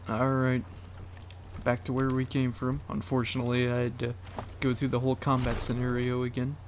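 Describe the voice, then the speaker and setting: A man's voice: mid-range voice, monotone, fairly quick, background noise. A man giving casual gameplay commentary, reading dialogue choices aloud and adding dry asides. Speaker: gamer.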